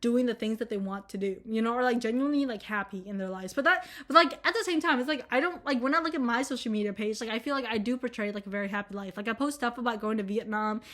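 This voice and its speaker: This is a candid, casual vlog from a young adult woman in college who rambles, swears, and fills her speech with ums and likes. She speaks quickly with few breaks, in a higher, fairly bright voice.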